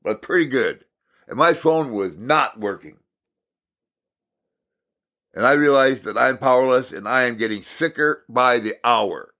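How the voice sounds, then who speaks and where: Middle-aged man, devotional talk; bright, forceful tone, lively storytelling, repeats words for punch. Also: mid-range voice, unhurried, long pauses. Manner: animated storytelling, swinging from loud exasperation to quiet reflection. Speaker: Christian speaker.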